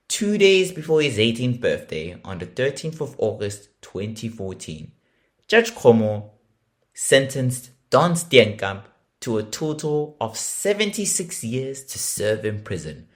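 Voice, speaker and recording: A man hosting a true-crime podcast, narrating a case with emphatic indignation and free swearing. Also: medium pitch.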